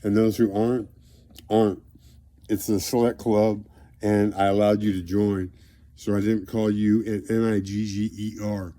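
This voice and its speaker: A man rambling grandly in a direct-to-camera monologue, drifting between loud declarations and low mumbles. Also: flat delivery, unhurried, dry recording. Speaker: vlogger addressing a celebrity.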